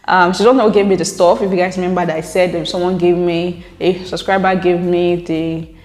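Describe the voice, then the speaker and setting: A woman's voice: lowish voice, fairly even intonation, a little fast, a little mellow. A woman vlogger chatting casually to camera, reacting to viewer comments, her talk full of fillers like "like" and "um". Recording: echoey room with long reverb.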